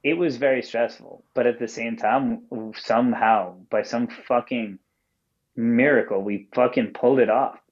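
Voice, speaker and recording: A man phones in as a podcast guest and tells his story in a loose, rambling way, packed with fillers and casual swearing. His voice sits at an ordinary mid pitch. The call-in audio sounds dull and muffled. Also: fairly even intonation, unhurried.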